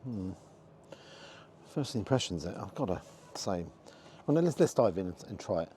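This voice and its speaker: Low, mellow-voiced man reviewing food. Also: very animated, moderate pace, slight background noise. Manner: frank, disappointed running commentary while tasting. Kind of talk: casual food review vlog. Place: outdoors.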